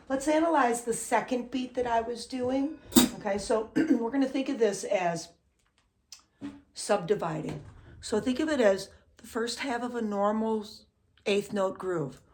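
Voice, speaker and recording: A woman giving a casual drum lesson, counting beats aloud and often checking with "okay?". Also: medium pitch. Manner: relaxed, often adds "okay?". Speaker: drum teacher. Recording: drums playing behind the voice.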